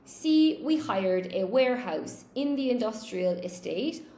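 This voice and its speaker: Chatting with viewers during a live-stream English lesson, this woman teacher thinks aloud, answers the chat, and thanks people by name. She speaks unhurriedly in a slightly high, expressive voice with a dark tone, captured with a roomy echo.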